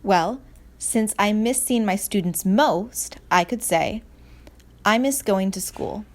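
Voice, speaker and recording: A woman teaching a speech and language lesson to her students, explaining slowly and clearly with example sentences. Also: medium pitch.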